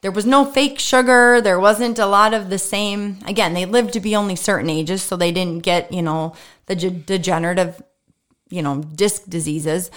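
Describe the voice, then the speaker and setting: A woman's voice: mid-range voice, steady tone, normal speed, fairly bright tone. A woman doctor co-hosting a podcast in casual chat, teasing her co-host and laughing often as she explains.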